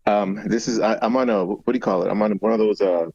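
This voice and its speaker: A man calling into a stream through a voice synthesizer, talking in a halting, hesitant way. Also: lowish voice, steady tone, a little mellow, no room sound, lo-fi sound. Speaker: caller. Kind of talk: casual call-in chat.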